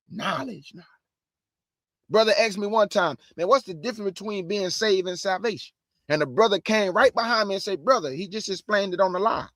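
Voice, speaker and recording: A man preaching from the Bible, mixing scripture reading with slangy asides and shouted bursts. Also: sits high, no echo, clean studio sound. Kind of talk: energetic street-style Bible preaching.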